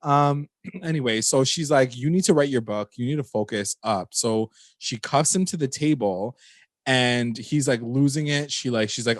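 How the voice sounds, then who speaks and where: A man at the usual middle of male pitch, chatting animatedly about a TV episode and swearing freely. He acts out the characters' lines as he goes. The sound is dry and close, with no room echo. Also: normal speed. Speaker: podcast co-host. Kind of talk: casual TV recap chat.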